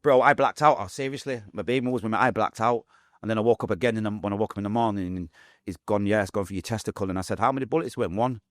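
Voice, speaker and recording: Fast-talking Mancunian man recounting vividly. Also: on the low side, no room sound, studio quality. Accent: Mancunian English. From Manchester, England. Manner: fast, vivid storytelling with acted-out quotes. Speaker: guest. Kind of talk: podcast interview storytelling.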